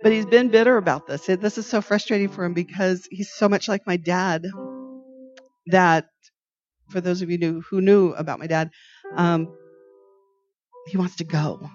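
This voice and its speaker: A woman's voice: fairly low pitch, steady tone, moderate pace, long pauses. A woman hosting a devotional podcast, telling a family story in an earnest, conversational way with frequent restarts. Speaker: podcast host. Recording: slightly dull recording with faint music.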